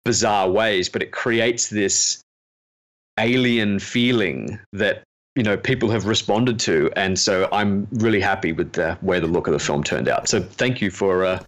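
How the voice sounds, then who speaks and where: A film director with a lowish male voice speaks a little slowly in a casual interview chat. He's earnest and tells stories with self-deprecating humor.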